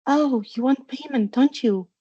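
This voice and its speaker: A woman's voice: on the high side, lively intonation, fairly quick, muffled recording. Woman putting on an eager young girl witch. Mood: gentle. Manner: bright and breathless.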